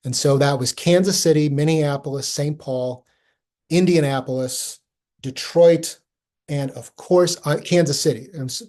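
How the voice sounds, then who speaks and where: Midwest guy giving a chatty history talk with slides, lots of ums and restarts, mid-pitched voice. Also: warm tone. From Omaha, Nebraska, US Midwest. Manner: conversational, with frequent ums and restarts. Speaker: presenter at a history society chapter meeting. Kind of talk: informal history lecture with slides.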